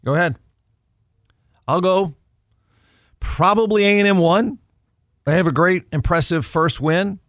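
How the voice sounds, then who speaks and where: A man's voice: sits high, a little slow, long pauses, fairly bright tone, no echo, studio quality. A man hosting a podcast, giving snarky, conversational college football commentary and repeating himself for emphasis. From Texas. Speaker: podcast host. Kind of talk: solo sports commentary.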